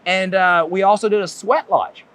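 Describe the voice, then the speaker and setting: High-voiced man, rambling podcast host. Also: normal speed, a bit bright. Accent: Southern US, softened. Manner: rambling, many fillers and restarts, enthusiastic. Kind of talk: casual conversation, introducing a guest.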